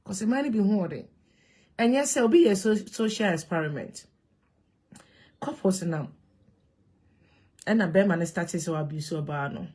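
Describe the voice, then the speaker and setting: A woman with a Ghanaian accent talking to camera in an animated, emphatic way, switching between Twi and English. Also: medium pitch, measured pace, long pauses, slightly rough. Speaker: vlogger. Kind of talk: casual monologue to camera.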